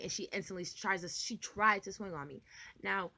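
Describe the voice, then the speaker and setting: A young adult woman telling a personal story to camera in a rambling, animated way, full of filler words and the odd swear word. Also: medium pitch, moderate pace, husky. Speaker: vlogger. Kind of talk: casual storytime monologue.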